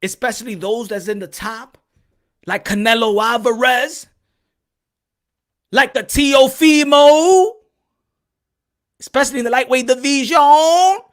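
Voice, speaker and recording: A man's voice: extremely high pitch, a little slow, long pauses. Male boxing podcast host, solo rant, fiery and foul-mouthed, with repetitive rhetorical jabs. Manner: heated, profane, hammering repeated rhetorical questions.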